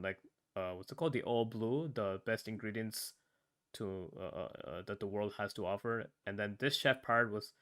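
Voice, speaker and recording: A man with a fairly low voice chats casually on a podcast. He retells a story with animated asides, jumps into other voices for the lines, and keeps tossing in "man" and "right?". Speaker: podcast panelist. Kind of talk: casual podcast review chat.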